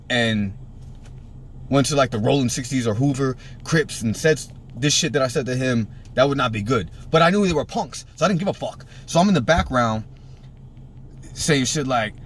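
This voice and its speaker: A man's voice: medium pitch, a little fast, a little hiss or hum. A man in his thirties from Puerto Rico, casually telling a story full of swearing and acting out the people in it. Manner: profane, animated, acts out quotes in a raised voice.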